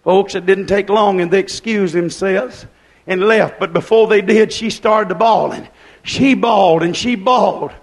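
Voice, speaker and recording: Man, preacher, very high voice, sermon, slow drawn-out phrases, bursts of shouting.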